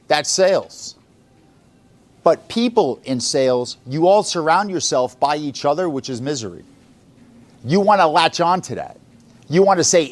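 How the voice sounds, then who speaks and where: A sales boss pumps up his team in the office. His voice sits a little high for a man. He talks bluntly, swears freely and keeps quizzing the room on what he means. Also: expressive, moderate pace. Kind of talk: motivational talk to sales staff.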